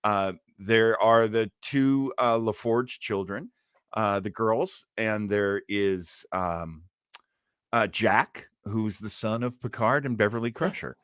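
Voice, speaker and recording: A man's voice: lowish voice, slow, fairly bright tone, smooth, dry recording, clean studio sound. A man hosting a podcast in casual chat, enthusiastically sharing nerdy trivia. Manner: enthusiastic, self-described nerdy, shares trivia. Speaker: podcast host.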